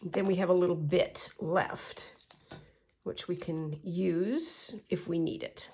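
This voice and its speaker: Lowish husky woman murmuring thru her collage work, soft asides, gets chattier telling stories. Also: fairly even intonation. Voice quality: soft, murmuring, often trailing into quiet asides. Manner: chatty and unhurried, livens up when telling a story. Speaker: collage artist and channel host. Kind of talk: relaxed craft vlog, thinking aloud while working.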